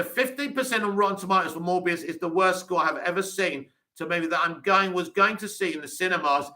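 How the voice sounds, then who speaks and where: Blunt bright-voiced Englishman. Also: sits high. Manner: blunt, dismissive opinions. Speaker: live-stream host. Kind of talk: reading and answering live chat.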